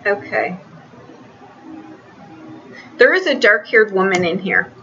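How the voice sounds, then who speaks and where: A woman reads tarot cards in a loose, chatty way, often stopping and restarting her sentences. Her voice is bright and forward. The recording sounds a little dull, with faint noise behind her. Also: medium pitch, animated, some chatter behind. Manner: chatty, halting, many restarts. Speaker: tarot reader. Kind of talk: casual tarot reading.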